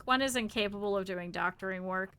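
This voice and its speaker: A woman's voice: medium pitch, fast, pushed and bright, clean tone. A woman streamer commenting on her gameplay live, chatting with her viewers, scolding her characters and swearing freely.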